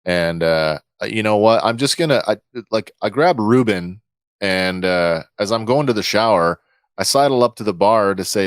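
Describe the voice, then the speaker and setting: A man playing a tabletop game, talking hesitantly with many pauses and restarts. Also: lowish voice, expressive, smooth, no room sound, studio quality. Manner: hesitant, lots of uhs and restarts. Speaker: player. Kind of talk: tabletop role-play, in character.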